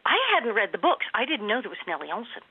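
A woman's voice: medium pitch, quick pace, husky. A woman in her sixties telling stories with laughter as a guest in a radio interview. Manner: animated, laughing storyteller. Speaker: guest actress. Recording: tinny phone line.

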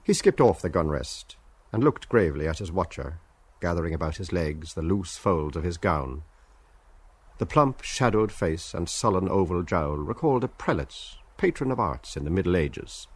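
A man narrating a literary radio drama in a measured, deliberate reading. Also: sits low, lively intonation, slightly rough.

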